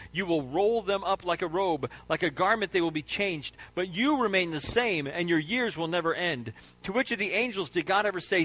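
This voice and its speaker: A man, a pastor, preaching a sermon with an earnest, repetitive cadence that sinks soft and low on key words.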